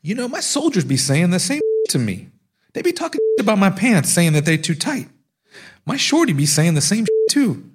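A man's voice: sits high, big pitch swings, normal speed, slightly rough, pitched above the performer's own voice, full character voice. A man voicing a brash, tough male gang smuggler who talks in slangy street speech. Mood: defensive. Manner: slangy street talk, boastful.

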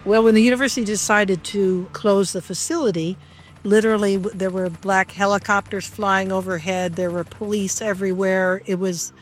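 A woman's voice: mid-range voice, steady tone, moderate pace. Older woman, emotional reflective interview. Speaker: former chimpanzee researcher. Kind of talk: documentary interview.

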